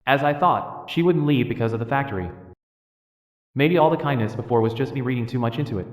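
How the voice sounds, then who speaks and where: A man's voice: medium pitch, fairly quick, roomy sound, in a large hall, natural voice. Hopeless blinded husband, a man acting. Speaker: injured blind husband in a drama. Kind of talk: dubbed drama acting.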